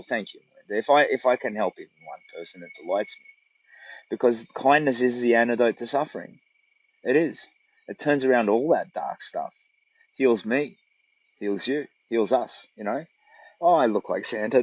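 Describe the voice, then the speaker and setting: Dull, dry phone-livestream audio carries the lowish voice of a middle-aged Australian walking vlogger. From his tent in thick bush, he chats away earnestly and rambles in a casual stream.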